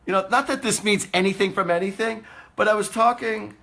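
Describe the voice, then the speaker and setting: Rambling New psychic host, somewhat high, raspy-edged voice. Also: male voice, fairly even intonation, fairly quick, bright, forceful tone. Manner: rambling, chatty, laughs often. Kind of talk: casual live stream chat.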